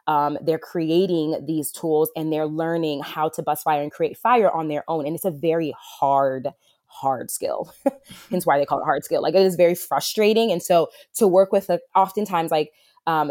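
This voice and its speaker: A woman's voice: low voice, a little mellow, no room sound, clean studio sound. A woman therapist talking in an interview, earnest and heartfelt, with lots of fillers. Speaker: wilderness therapist for adolescent boys. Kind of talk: conversational interview.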